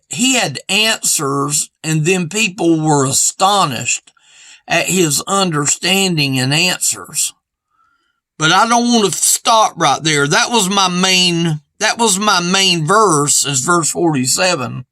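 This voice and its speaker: A man with a high, bright voice preaches a sermon at an unhurried pace. He sounds earnest and repeats his points in plain everyday grammar, and the recording is dry and close. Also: no echo. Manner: earnest and repetitive, stressing points with "see".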